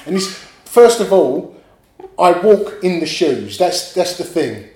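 A man, a guest telling animated stories in casual chat, often laughing and swearing. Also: fairly high pitch, moderate pace. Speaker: guest artist. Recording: echoey room, faint background noise.

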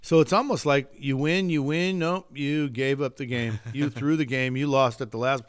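A man's voice: medium pitch, fairly even intonation, normal speed, smooth. A male pastor with an ordinary mid-range voice, speaking with earnest conviction. He presses his points emphatically, as if preaching to a friend across the table. Conversational but driven. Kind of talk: casual faith discussion.

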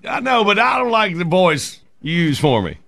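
A man co-hosting morning radio, answering teasing with playful self-defense and frequent laughter. He speaks high in his range with a lively, bouncing pitch. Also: normal speed, vocal fry. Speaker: radio show co-host. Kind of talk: casual morning radio banter.

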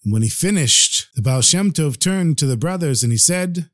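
A man narrating a folk tale for a storytelling podcast, his voice moving up and down with animated expression. He sits a bit higher than most men, and the recording is dry and close with no room sound. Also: normal speed, hardly any pauses, no room sound.

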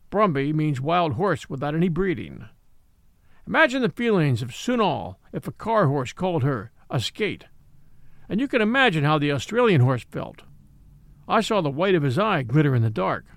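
A man narrating a classic animal story as an audiobook, with expressive storytelling. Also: on the high side, moderate pace, vocal fry, no room sound, studio quality.

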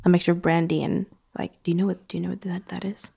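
A woman casually chatting and reading out trivia questions, animated and quick to laugh, often trailing off mid-sentence. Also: on the low side, gravelly, slightly rough. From Puerto Rican family background. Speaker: co-host.

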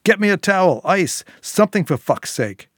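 A man's voice: a little high, sing-song, normal speed, gravelly, dry recording, pitched above the performer's own voice. A man voicing a bleeding, bullying street hustler who barks commands and turns greasy and wheedling, in a dry close recording. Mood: furious.

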